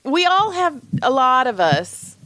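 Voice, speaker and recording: A woman's voice: high voice, very animated, unhurried, pushed and bright, dry recording. A woman co-hosting a podcast, an indie author chatting in a frank, self-deprecating way with lots of laughs. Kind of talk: casual chat.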